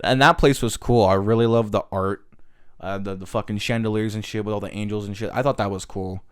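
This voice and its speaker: A man's voice: on the low side, steady tone, fairly quick, clear, resonant tone. A man of about twenty from Central California, chatting casually on a podcast and telling a rambling, profane travel story. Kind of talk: casual chat.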